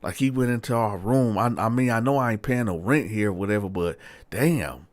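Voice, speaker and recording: A man's voice: fairly low pitch, animated, fairly quick, dry recording. A man telling a story casually, profane and talking straight to his listeners. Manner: profane, addresses listeners directly. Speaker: storyteller host.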